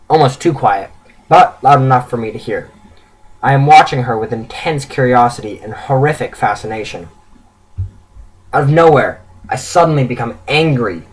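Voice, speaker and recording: Man, husky voice, earnest story reading, self-corrects stumbles. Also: mid-range voice, a little slow, long pauses, poor audio. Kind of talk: reading his own written story aloud.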